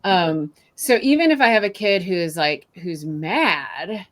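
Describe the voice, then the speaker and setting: A woman's voice: on the low side, lively intonation, unhurried. A woman guest on a podcast, explaining her ideas at length with everyday examples. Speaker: guest author. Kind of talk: podcast conversation.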